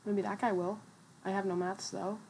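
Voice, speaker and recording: A woman's voice: medium pitch, flat delivery, normal speed, gravelly, a little mellow, slight background noise. Chatty trash-talking young woman gamer. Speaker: gaming streamer. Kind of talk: casual gameplay commentary.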